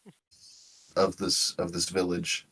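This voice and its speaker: A man's voice: deep voice, monotone, a little slow, fairly bright tone, slightly rough. A young man joking around as a player at a tabletop game, a bit hesitant. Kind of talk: casual chat at a game table.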